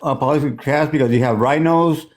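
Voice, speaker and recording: A man's voice: fairly high pitch, fairly quick, a little mellow, poor audio. A man arguing politics, stubborn and defensive, repeating his points over and over. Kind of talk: heated political debate.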